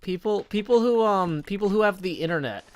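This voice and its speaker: A man chatting casually on a live stream, reading viewer messages aloud and thinking out loud as he goes. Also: high-pitched, brisk.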